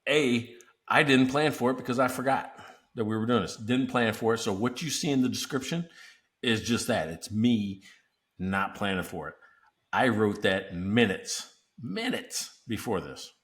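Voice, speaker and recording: A podcast host chats casually on his business show, telling stories animatedly and laughing often. His voice is fairly low and fairly bright, at a moderate pace.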